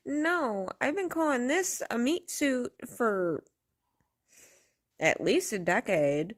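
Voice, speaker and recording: A woman's voice: fairly high pitch, big pitch swings, slow pace, pauses often. A woman vlogger ranting casually to camera, blunt and profane, rambling and laughing often.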